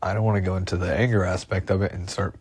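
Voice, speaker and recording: A man's voice: sits low, flat delivery, very fast, darkish tone, a little hiss or hum. A man rambling anxiously into a phone voice memo, swearing and repeating himself as he goes. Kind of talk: rambling personal monologue.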